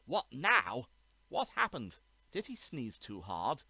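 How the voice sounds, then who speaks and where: A man voicing a pompous, booming older male senior barrister who sounds loud and scornful. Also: lively intonation, moderate pace, dry recording.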